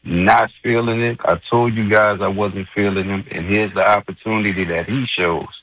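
A man's voice: fairly low pitch, fairly even intonation, normal speed, narrow, tinny audio. A male caller on a sports show, indignant and mocking as he rants. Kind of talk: call-in rant.

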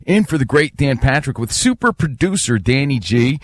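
A man's voice: mid-range voice, very animated, moderate pace, no echo. A man co-hosting a sports radio show, joking with his partner and plugging the show. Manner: upbeat, joking, plugs the show. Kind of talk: casual sports radio banter. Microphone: studio broadcast mic.

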